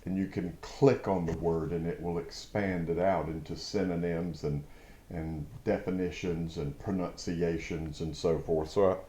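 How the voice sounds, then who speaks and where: Slow, deep-voiced man teaching scripture. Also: fairly even intonation, mellow, reverberant, slight background noise. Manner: slow, reflective, with emphatic outbursts. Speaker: preacher. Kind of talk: devotional Bible teaching.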